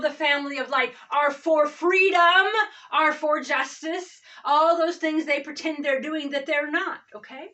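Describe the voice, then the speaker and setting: A woman pastor in her forties delivering an impassioned, rambling sermon, peppering it with "okay?" and swinging between loud outbursts and low asides. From United States. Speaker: all-faith pastor. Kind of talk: ranting sermon-style talk.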